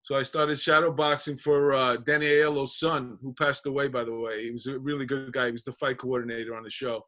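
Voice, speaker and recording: A man's voice: mid-range voice, level tone, a little fast, bright, forceful tone. A man, an actor guest on a podcast, telling rambling, profane anecdotes in casual chat.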